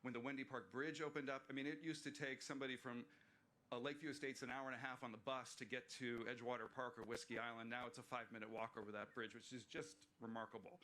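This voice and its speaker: Bright-voiced man presenting a park plan. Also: medium pitch, level tone, fast, slight background noise. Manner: earnest, explanatory, with fillers and restarts. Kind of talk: public meeting presentation. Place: waterfront venue, livestreamed meeting.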